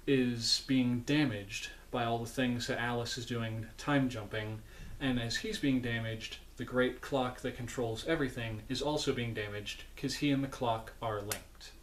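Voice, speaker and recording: A man's voice: mid-range voice, slight background noise. Sleepy, rambling male vlogger. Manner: rambling, self-correcting, chatty asides. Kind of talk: casual film recap. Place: home.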